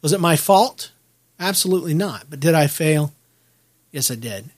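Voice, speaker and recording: A man's voice: a little high, animated, moderate pace. A middle-aged man from Kansas City hosting his own podcast, talking in a candid, rambling, self-deprecating way with frequent restarts. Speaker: podcast host. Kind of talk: personal podcast monologue.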